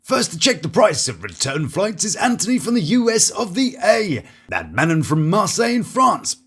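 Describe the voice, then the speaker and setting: A man's voice: high voice, huge pitch swings, moderate pace, gravelly, a bit bright, breathy edge. A British man giving sarcastic, jokey scripted commentary on reality TV, with mock-theatrical asides. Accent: British English. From Britain. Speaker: reality TV reviewer.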